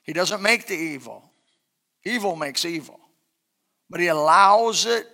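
A middle-aged man preaching a sermon, swinging between loud bursts and soft, quiet asides. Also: sits high, a little slow. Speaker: pastor.

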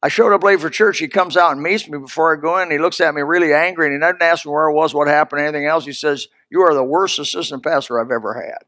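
High-voiced folksy preacher man. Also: steady tone, fast, few pauses, dry recording, studio quality. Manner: folksy storytelling with sudden loud emphatic peaks. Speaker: pastor. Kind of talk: sermon.

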